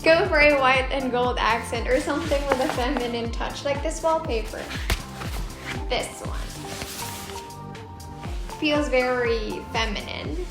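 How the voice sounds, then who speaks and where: A woman's voice: high voice, roomy sound. A woman from the Philippines hosting a home design vlog, talking casually and with enthusiasm about design choices. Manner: enthusiastic, shows off samples with a chatty, descriptive flow. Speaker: interior designer and vlog host. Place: home under renovation, indoors. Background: background music, occasional banging.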